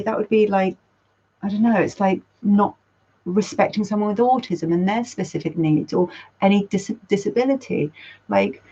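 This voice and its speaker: A woman's voice: mid-range voice, moderate pace, dark tone, breathy edge. Rambling woman, dull lo-fi sound. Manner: rambling, self-correcting, laughs at herself, swears casually. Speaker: counsellor hosting a community chat. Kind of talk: casual talk.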